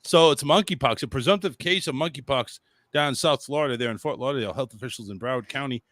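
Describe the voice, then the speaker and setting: A man's voice: mid-range voice, fast talker, fairly bright tone, dry recording. A man hosting a call-in talk show, reading memes aloud and joking with a crude, profane streak. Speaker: radio show host. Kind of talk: casual call-in show banter.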